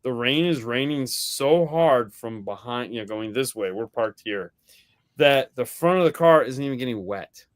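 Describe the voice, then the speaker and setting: A man co-hosting a podcast in casual chat, telling a story in a lively way and acting out the voices of the people in it, swearing now and then. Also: medium pitch, normal speed, dry recording. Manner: animated storyteller acting out quoted dialogue. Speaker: podcast co-host.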